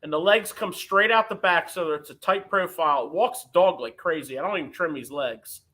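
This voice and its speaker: A man's voice: on the high side, fairly quick, bright, forceful tone. A man hosting a live fishing tackle show from his shop, chatting casually and explaining gear as he shows it. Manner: talkative, explains gear hands-on. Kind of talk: casual live-stream chat.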